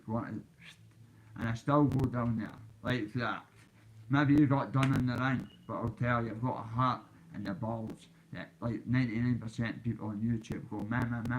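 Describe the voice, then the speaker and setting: A man's voice: mid-range voice, slight background noise, low-quality recording. Boastful Glaswegian man telling a story. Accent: Scottish, Glaswegian. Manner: boastful, swaggering, addresses kids directly. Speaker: YouTuber. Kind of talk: casual vlog storytelling. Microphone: phone.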